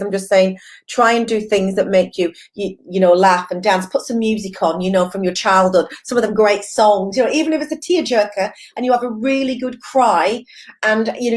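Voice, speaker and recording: A woman's voice: medium pitch, a little mellow. A woman mindfulness coach giving an encouraging, conversational live-stream talk, repeating phrases and using many fillers as she reads viewer comments.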